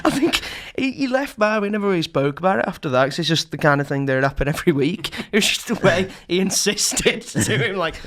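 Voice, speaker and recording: Lively young man telling a story. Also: high-pitched, fast, hardly any pauses. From St Helens, England. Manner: laughing often, acting out quoted voices. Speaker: podcast co-host. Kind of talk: casual comedic storytelling.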